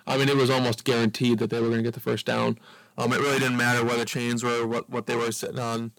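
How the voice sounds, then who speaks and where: A man with a gravelly, fairly flat voice talks through casual sports analysis, hedging with frequent ums. The sound is dry and close. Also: medium pitch, no echo, poor audio. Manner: hesitant, lots of ums, measured analysis. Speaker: podcast co-host.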